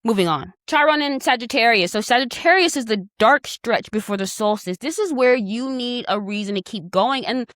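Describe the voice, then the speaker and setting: A woman's voice: fairly high pitch, animated, normal speed, few pauses, fairly bright tone, no room sound, studio quality. A young woman, hosting a casual astrology talk in a chatty, teasing manner with affectionate asides. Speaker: astrology host.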